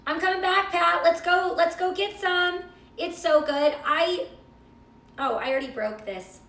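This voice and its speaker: Middle-aged woman host, chatty cooking livestream, high bright voice with some fry, echoey kitchen. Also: a little slow. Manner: chatty, gushing, reads viewer comments. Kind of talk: live cooking stream chat.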